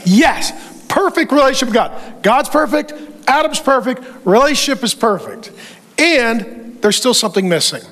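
Middle-aged pastor, very high voice, animated and comic sermon delivery. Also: male voice, normal speed. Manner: animated, joking, acts out quotes. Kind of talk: humorous sermon.

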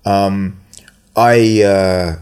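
A man's voice: low voice, fairly even intonation, very slow, darkish tone, smooth. A middle-aged man with an English accent, telling long, rambling stories in casual chat, full of "you know" and "right?". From England.

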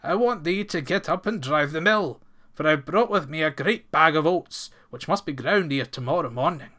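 Storybook hero, young, fearless, stern, man doing it pitched up and punchy. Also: lively intonation, normal speed, sharp tone. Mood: insistent. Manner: old-fashioned thee-and-thou speech, stern. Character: bold hot-tempered young Highland lad.

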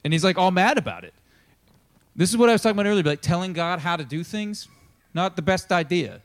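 A man preaching in a church, telling Bible stories in a loose, conversational way. His voice sits a little high for a man and swings up and down a great deal as he acts out the characters' lines. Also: lively intonation, fast talker. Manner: casual, chatty storytelling that acts out the characters' lines. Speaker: pastor. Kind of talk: sermon.

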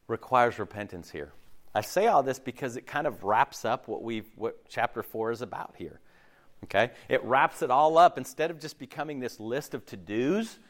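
A man preaching a sermon, animated, acting out quoted voices and often checking in with "okay?". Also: medium pitch. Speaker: pastor. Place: church.

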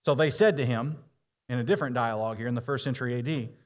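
A man preaching a sermon, reading scripture aloud and slowing down to stress key phrases. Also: medium pitch. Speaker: pastor.

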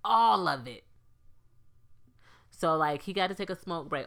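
A woman's voice: lowish voice, unhurried, vocal fry, long pauses. A woman co-hosting a casual podcast, telling stories and acting out quotes. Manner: animated storyteller, acts out quotes. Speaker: podcast co-host. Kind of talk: casual chat.

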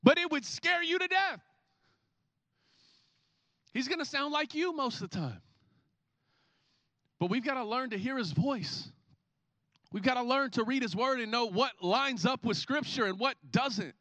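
A man in his thirties preaching a sermon as a pastor, telling stories in an animated way and acting out the scenes. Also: extremely high pitch, measured pace, pauses often, no echo. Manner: animated storytelling, acts out scenes. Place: church.

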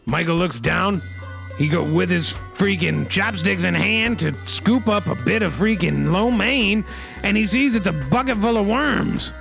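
A man co-hosting a comedy radio show, presenting in a mock-solemn, deadpan way with rhyming catchphrases. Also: high voice, unhurried, creaky, faint music behind.

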